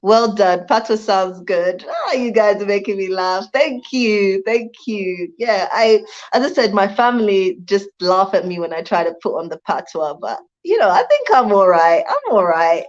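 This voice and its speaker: Brief: chatty Jamaican-born woman hosting a livestream, mid pitch, slightly muffled audio. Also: lively intonation, normal speed, hardly any pauses. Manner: chatty, laughs often, thanks viewers warmly. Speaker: livestream host. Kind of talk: casual livestream chat reading viewer comments. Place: home in Rwanda.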